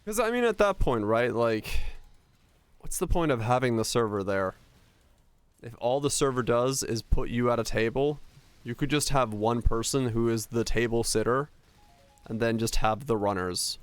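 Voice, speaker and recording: A man's voice: medium pitch, moderate pace, clean tone, no room sound. A young man live-streaming from home, ranting in an easygoing, profane way to his viewers. His voice sits mid-range and comes across close and dry, with no room sound around it. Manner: ranting, swears freely, chats with viewers. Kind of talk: casual live-stream chat.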